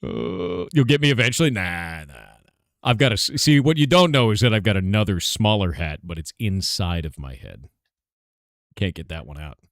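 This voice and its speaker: A man's voice: low-pitched, lively intonation, normal speed, a bit bright, dry recording, clean studio sound. A man from the United States chatting casually on a stream, emphatic and jokey, swearing casually. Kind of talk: casual chat.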